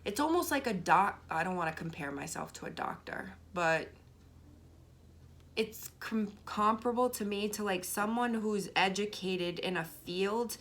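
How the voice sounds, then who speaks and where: A woman's voice: medium pitch, expressive, a little slow, fairly bright tone. A young woman with a Boston accent, a tarot reader telling a personal story in a candid, rambling way, swearing freely and saying "like" often. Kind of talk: casual storytelling vlog.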